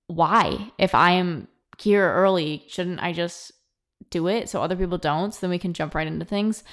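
A young woman hosting her own podcast, telling a work story in a chatty, animated way and acting out what others said. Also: fairly low pitch. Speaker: podcast host. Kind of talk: casual storytelling monologue. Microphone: own podcast mic, close.

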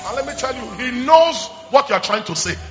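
A middle-aged man with a Nigerian English accent, preaching a charismatic sermon with loud call-and-response and repetition. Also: very high-pitched, lively intonation, brisk, highs cut off, loud music behind the voice. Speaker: bishop preaching.

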